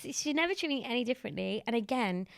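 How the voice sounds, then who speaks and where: Brief: British woman, thirties, interview guest; some vocal fry, warm storytelling. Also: fairly high pitch, expressive, fast. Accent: British English. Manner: warm storytelling, laughs often. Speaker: guest, disability activist. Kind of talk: candid interview conversation.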